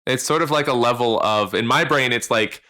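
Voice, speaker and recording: Man, podcast co-host, bright tone, rambling jokey delivery, slight distortion. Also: medium pitch, a little fast. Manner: rambling, jokey, trails off into tangents. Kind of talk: casual chat.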